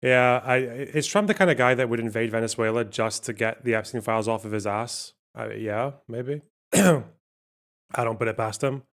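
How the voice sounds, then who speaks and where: A man's voice: medium pitch, normal speed, a bit bright. A man hosting a casual livestream, reading donations and reacting with sarcasm and swearing. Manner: sweary, sarcastic, laughs often. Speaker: livestream host.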